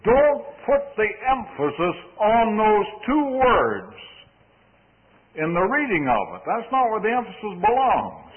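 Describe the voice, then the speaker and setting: A man giving an expository Bible study sermon, deliberate and emphatic, stressing single words as he explains a passage. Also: high voice, huge pitch swings, husky. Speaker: Bible teacher. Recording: old phone-like recording in a reverberant hall.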